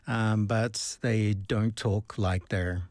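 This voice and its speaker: A man's voice: fairly low pitch, steady tone, slow, a little mellow, dry recording. A man co-hosting a casual podcast chat, laughing often and talking through frequent ums and restarts. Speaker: co-host.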